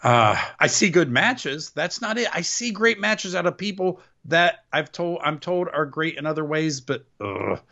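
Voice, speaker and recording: A man grumbles sarcastically through a wrestling recap, stumbling over words as he goes. His pitch swings widely. The recording is dull and lo-fi, like a basic home podcast mic. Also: big pitch swings, unhurried, few pauses, bright, forceful tone. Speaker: podcast co-host. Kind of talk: casual wrestling recap chat.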